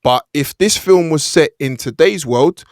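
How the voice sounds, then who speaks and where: A man co-hosting a film review podcast, talking in a measured, reasoned way as he builds his point. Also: a little high, no room sound, clean studio sound. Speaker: podcast co-host. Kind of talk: casual film review chat.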